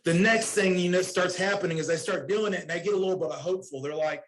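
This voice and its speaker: Middle-aged male counselor, conference storyteller, a bit high-pitched, earnest and casual. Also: fast, few pauses, a bit bright, rough recording. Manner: casual and earnest, retells dialogue, repeats himself. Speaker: recovery counselor speaking at a summit. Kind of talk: conference talk, personal storytelling.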